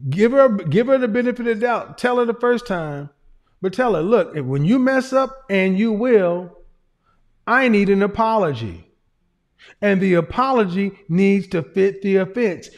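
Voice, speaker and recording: A male streamer lectures his chat in a blunt, emphatic way and curses freely. His voice sits high for a man. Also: a little mellow. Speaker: streamer and commentator. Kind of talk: casual livestream commentary.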